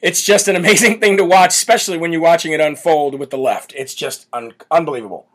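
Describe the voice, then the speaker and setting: A man with a fairly high voice hosts a live political commentary show. He talks in a brash, mocking way and stops to read out viewers' chat comments. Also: quick pace. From United States. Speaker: political talk show host.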